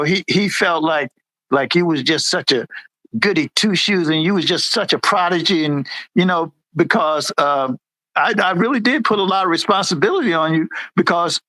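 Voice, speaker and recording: A middle-aged man talks as a guest in a rambling, easygoing way and keeps circling back with "you know". His voice is fairly high, and the recording is close and dry, with no room sound. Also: lively intonation, moderate pace, sharp tone, no room sound, low-quality recording. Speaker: guest, former supervisor. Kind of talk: casual reminiscing interview.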